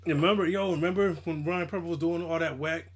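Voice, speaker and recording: This co-host has a fairly high voice and talks fast. In casual podcast chat he spins animated, slang-heavy stories, playing out quotes from others.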